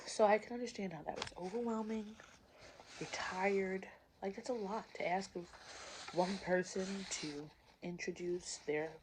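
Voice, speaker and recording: A woman chatting casually to the camera while eating, pausing between bites and asking viewers questions. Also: lowish voice, a little mellow, a little hiss or hum. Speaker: vlogger. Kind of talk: casual mukbang chat.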